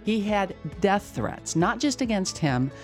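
A woman's voice: medium pitch, big pitch swings, measured pace, a little mellow, soft background music. A woman hosting an interview, recalling her own experiences in a reflective way and then wrapping up the episode. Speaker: host. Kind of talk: interview and closing wrap-up.

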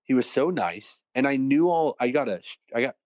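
A man being interviewed as a guest, telling stories in a lively way and acting out the voices of people he quotes. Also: mid-range voice, fairly quick, no room sound, highs cut off. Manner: animated, acts out quoted voices. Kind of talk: conversational storytelling.

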